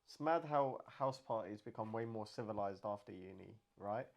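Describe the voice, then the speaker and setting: A man's voice: fairly low pitch, moderate pace, creaky, darkish tone. A man co-hosting a casual chat podcast, joking through made-up scenarios. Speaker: podcast co-host.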